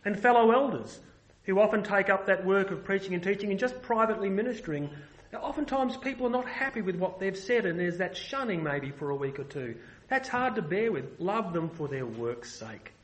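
A man's voice: sits high, animated, fairly quick, poor audio. A man preaching a sermon, earnest and emphatic, often restarting his phrases.

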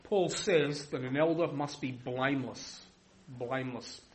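A man preaching a sermon emphatically, repeating himself for weight and swinging from loud to quiet. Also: medium pitch, measured pace, slight background noise, low-quality recording. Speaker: pastor.

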